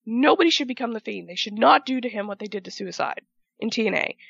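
Woman, fairly high voice, gravelly, profane casual rant, dry close sound. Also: animated, fast, fairly bright tone, no room sound, dull audio. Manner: emphatic, profane, repeats herself for emphasis. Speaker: wrestling fan commentator. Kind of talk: ranting casual commentary.

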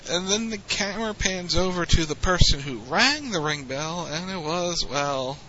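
A man hosting a casual wrestling recap podcast, relaxed and teasing, recounting matches play by play. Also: sits high, moderate pace, lo-fi sound, a little hiss or hum. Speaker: podcast host.

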